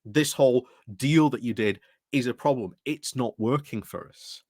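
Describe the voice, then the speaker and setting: A man's voice: mid-range voice, moderate pace, darkish tone, dry recording, studio quality. A man hosting a commentary channel, explaining things in a rambling casual way with many fillers and restarts. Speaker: political commentary channel host.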